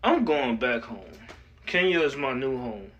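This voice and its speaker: A man's voice: medium pitch, big pitch swings, measured pace, a bit bright, muffled recording. A man speaking in an emotional, pleading vlog about longing to go back. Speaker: vlogger.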